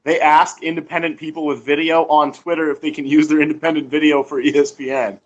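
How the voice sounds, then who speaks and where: Slow, halting man co-hosting. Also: on the high side, little pitch movement, highs cut off. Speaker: co-host. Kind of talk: casual chat.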